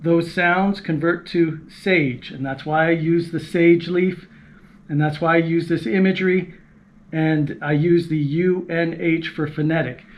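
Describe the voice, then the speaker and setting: A man's voice: fairly high pitch, steady tone, measured pace. A man giving a patient, explanatory language lesson, repeating key points and demonstrating sounds aloud. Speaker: language teacher.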